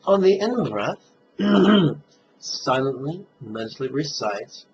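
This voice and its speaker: A man leading a guided meditation, speaking calmly and drawing out his recitations. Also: mid-range voice. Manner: slow, calm, drawn-out recitation. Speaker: meditation teacher. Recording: dull lo-fi sound with faint noise.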